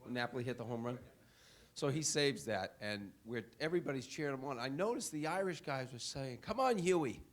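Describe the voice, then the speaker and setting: A man on a panel, telling an animated story and putting on the voices of people he quotes. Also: mid-range voice, brisk. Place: hotel event room.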